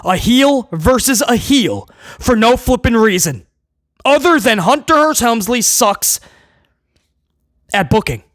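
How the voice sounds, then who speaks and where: Animated, exasperated man ranting a review. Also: extremely high pitch, slow pace, pauses often, no echo, studio quality. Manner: blunt, sarcastic and exasperated; mocks with loud comic outbursts. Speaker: wrestling show reviewer.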